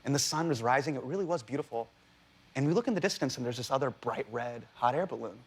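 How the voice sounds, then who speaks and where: A man's voice: mid-range voice, lively intonation, slightly rough. A comedian in his thirties telling a comic story on a talk show, acting out voices in the quoted lines. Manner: acts out voices in quoted dialogue, fast and playful. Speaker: comedian guest. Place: television studio with a live audience.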